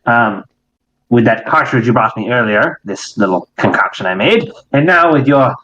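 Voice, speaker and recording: A man's voice: mid-range voice, expressive, normal speed, sharp tone. A man voicing a shrewd older woman healer and herbalist, dry and matter-of-fact with a light teasing edge, on a dull lo-fi mic. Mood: wry.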